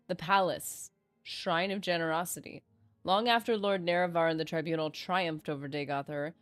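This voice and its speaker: A woman's voice: fairly low pitch, dry recording. A woman streaming a role-playing game, reading quest text aloud and chatting playfully with her viewers. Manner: chatty, joking asides, playful mock-grandeur. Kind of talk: casual gameplay livestream chat, reading in-game text aloud. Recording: faint game music behind.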